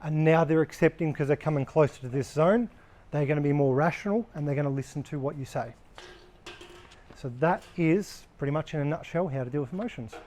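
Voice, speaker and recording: Male workplace trainer, slightly higher pitch, blunt and casual, swears, talks to a live group. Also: fairly quick, darkish tone.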